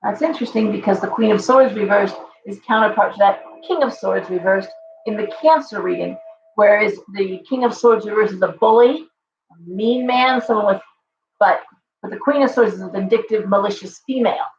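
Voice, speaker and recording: Woman tarot host, live stream, a little hoarse from losing her voice, chatty and reassuring, roomy dull audio. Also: mid-range voice, moderate pace, slight background noise. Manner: chatty, reassuring, addresses viewers directly. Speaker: tarot reader hosting a live show.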